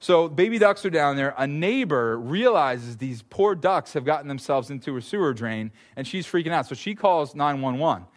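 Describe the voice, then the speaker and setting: A man in his thirties preaching a sermon as a pastor, telling stories with lively, sudden loud bursts. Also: on the high side, moderate pace, hardly any pauses.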